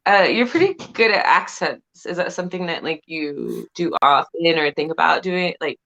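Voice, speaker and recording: A woman host with a notably low voice leads a relaxed interview. She asks loose, filler-heavy questions. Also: moderate pace, vocal fry, dull audio. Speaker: podcast host. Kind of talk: casual interview chat.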